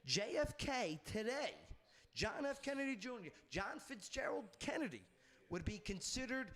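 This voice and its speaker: A man's voice: extremely high pitch, very animated, normal speed, fairly bright tone. A man hosting a political panel discussion, talking emphatically and repeating his points. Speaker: talk show host.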